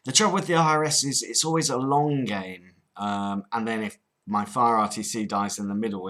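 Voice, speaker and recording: A man's voice: lowish voice, a bit bright, poor audio. A man hosting a prank-call channel, chatting casually between calls in a rambling way with crude jokes.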